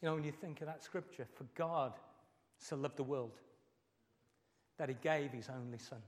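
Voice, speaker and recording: A man's voice: on the high side, normal speed. Earnest preacher man in a reverberant hall. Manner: earnest, emotional preaching with repeated phrases. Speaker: pastor. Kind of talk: sermon.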